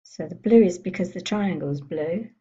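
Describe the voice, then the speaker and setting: A woman giving a chatty software tutorial, thinking aloud as she clicks through menus. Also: on the low side, normal speed, husky, highs cut off. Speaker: computer skills tutor. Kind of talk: screen-recorded software tutorial.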